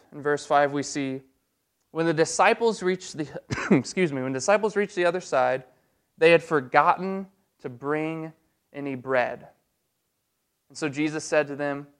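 A man preaching a sermon in a casual, humorous way, acting out quick bits of dialogue. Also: a little high. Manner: conversational and humorous, acts out voices of the disciples.

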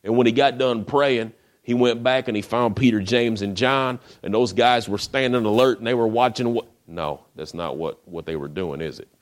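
A man's voice: medium pitch, normal speed, hardly any pauses. A man preaching a sermon, retelling a scripture story in a casual storytelling way with rhetorical questions.

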